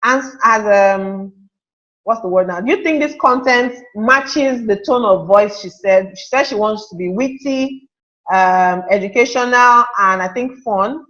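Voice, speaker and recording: A woman's voice: medium pitch, unhurried, a bit bright, dull audio. A woman teaching a live online class, chatty, reading out and answering viewer comments. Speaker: webinar teacher.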